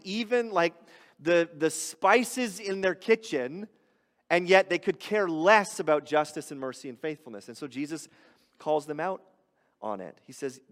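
A man preaching a sermon as a pastor, explaining scripture in a conversational, animated way that builds to loud emphasis. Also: a little high, big-room sound.

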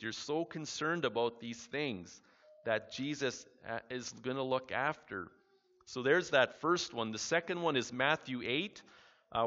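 A man preaching a sermon, reading scripture aloud and then explaining it in a relaxed, conversational way. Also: mid-range voice. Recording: reverberant hall, dull lo-fi sound.

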